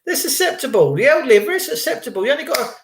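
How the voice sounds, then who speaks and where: A man talking casually to his viewers, animated, acting out other people's voices and repeating his points for emphasis. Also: extremely high pitch, rapid-fire, reverberant, a little hiss or hum. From United Kingdom. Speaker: vlogger.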